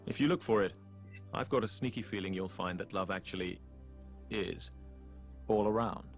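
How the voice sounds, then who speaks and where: A gravelly, reflective film narrator. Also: male voice, low-pitched, moderate pace, soft background music. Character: thoughtful adult male narrator of a romantic film.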